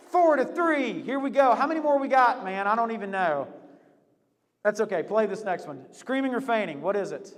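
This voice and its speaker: A man hosting a lively game for a group, upbeat and teasing, laughing often. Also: very high-pitched, fairly quick, big-room sound. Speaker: youth leader hosting a game.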